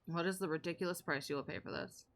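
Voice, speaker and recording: A woman's voice: on the low side, quick pace, fairly bright tone. A young woman streamer giving casual, sarcastic live commentary as she plays a game and banters with her chat.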